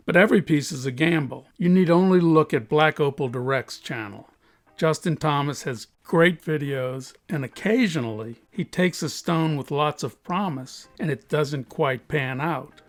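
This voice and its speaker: A man who cuts opal explains his hobby in a chatty video monologue. His voice sits slightly high and rough with vocal fry. He keeps dropping in self-deprecating jokes. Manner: joking, self-deprecating asides. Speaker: opal cutter.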